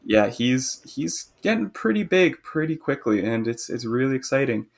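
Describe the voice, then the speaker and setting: Gravelly man chatting on a podcast. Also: medium pitch, sing-song, moderate pace. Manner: opinionated, talkative, teasing. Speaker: podcast co-host. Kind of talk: casual chat.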